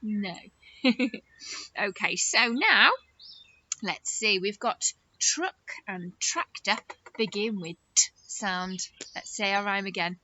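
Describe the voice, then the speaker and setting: A woman with a high, bright voice that swoops up and down as she leads a phonics lesson for small children. She speaks slowly and coaxingly, asking question after question in a sing-song way. A faint hum of room sound sits behind her. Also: expressive, rough recording. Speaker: teacher.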